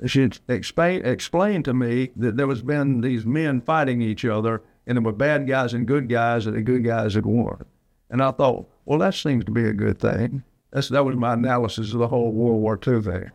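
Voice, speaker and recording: A man's voice: mid-range voice, moderate pace, a little mellow, no echo. A man in his eighties from Alabama, preaching a sermon in a folksy, rambling way. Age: 80s. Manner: folksy, digressive storytelling. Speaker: pastor.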